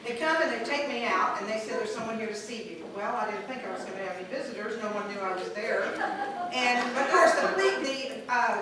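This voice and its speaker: Chatty woman telling a rambling story. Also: on the high side. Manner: chatty, rambling, laughing through the tale. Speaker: storyteller at an improv show. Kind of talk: comic personal storytelling. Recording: echoey room, far from mic, noisy.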